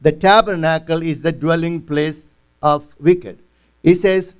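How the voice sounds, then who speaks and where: A man's voice: on the high side, expressive, slow pace, long pauses. A man teaching a verse-by-verse Bible study, earnestly explaining each passage in plain words.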